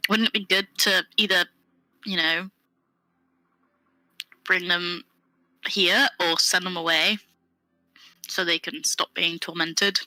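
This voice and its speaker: A woman's voice: on the low side, steady tone, takes it slowly, long pauses, pushed and bright, dry recording, soft background music, heavily acted, poor audio. A woman voicing a blunt, pragmatic adventurer who speaks in a matter-of-fact, slightly sardonic way.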